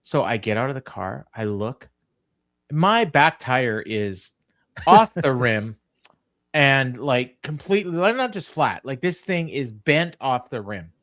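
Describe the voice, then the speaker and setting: A man's voice: medium pitch, big pitch swings, a little slow, a bit bright, no echo, studio quality. A middle-aged man, co-hosting a casual podcast and telling long stories full of ums and restarts. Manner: rambling storyteller, many ums and restarts. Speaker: co-host.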